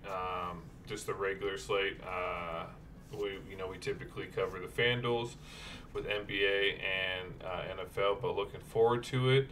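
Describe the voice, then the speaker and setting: A man's voice: lowish voice, pushed and bright, distant mic, a little hiss or hum. A man co-hosting a casual sports betting podcast, rambling with many fillers and restarts. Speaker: podcast co-host.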